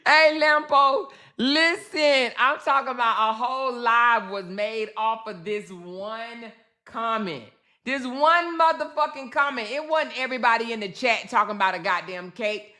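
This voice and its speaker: Bright-voiced woman running a live chat, swears freely, repeats herself when heated, talks straight to her viewers. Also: fairly high pitch, takes it slowly. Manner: blunt, profane, reads chat comments aloud; heated, repetitive venting. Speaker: livestream host. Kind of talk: casual livestream chat.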